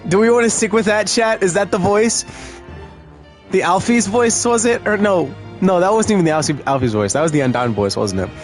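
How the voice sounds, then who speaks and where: A man's voice: high voice, lively intonation, normal speed, soft background music. Jokey man streaming a game. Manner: jokey, swears, self-mocking. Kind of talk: casual game stream chat.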